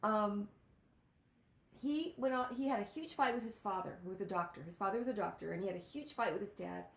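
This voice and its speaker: A woman hosting a talk show, telling stories in an animated way with lots of exclamations. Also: mid-range voice, a little fast, gravelly, reverberant, rough recording. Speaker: host. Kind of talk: casual storytelling chat.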